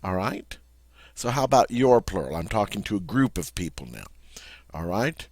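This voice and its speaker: A man teaching French grammar in a patient way, often repeating words slowly and checking in with "all right?". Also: on the low side, sing-song, dry recording. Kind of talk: classroom grammar lesson.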